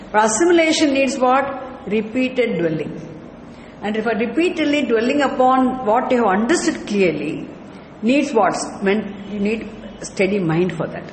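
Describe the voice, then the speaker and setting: Unhurried scripture teacher, keeps asking "isn't it?" to the class, roomy echo, faint room hum. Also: mid-range voice. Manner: patient, asks the class rhetorical questions. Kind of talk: explanatory lecture. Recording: echoey hall with faint ambient noise.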